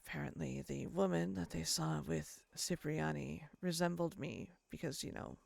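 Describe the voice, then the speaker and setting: Gravelly woman telling an in-character story. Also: low voice, moderate pace, darkish tone, no room sound. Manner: swears a lot, rambling storytelling. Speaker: roleplayer voicing her character. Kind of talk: in-character roleplay chat.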